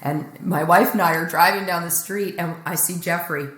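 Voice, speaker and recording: A woman's voice: fairly low pitch, normal speed, reverberant. A middle-aged woman comedian telling a candid story in a blunt, joking way. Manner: blunt, joking, animated retelling. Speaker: guest comedian.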